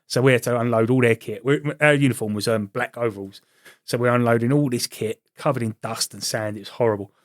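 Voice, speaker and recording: Fast-talking army veteran. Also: male voice, mid-range voice, fairly even intonation, no echo, clean studio sound. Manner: quick, chatty, laughs at his own stories. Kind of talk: casual podcast chat, storytelling.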